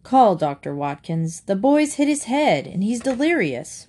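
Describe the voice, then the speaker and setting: A woman's voice: mid-range voice, sing-song, a little slow, mellow. A woman voicing a stern, teasing father.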